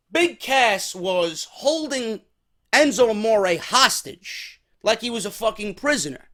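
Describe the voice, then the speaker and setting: A man from New York recaps a wrestling show in a casual, opinionated way, high-pitched for a man. He talks bluntly, swears freely and gets animated about what he thinks.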